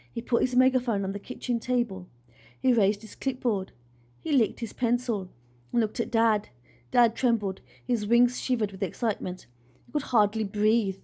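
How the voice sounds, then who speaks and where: A woman's voice: medium pitch, warm tone. Woman reading a children's storybook aloud. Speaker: storybook reader. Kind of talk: children's book read-aloud.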